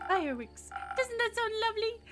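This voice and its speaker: A pompous, grandly formal male tavern guest, as a woman puts him on with a very high, swooping voice. He speaks in stiff old-fashioned phrases over soft game music. Every line comes out theatrical. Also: very animated, fairly quick. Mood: grandiose.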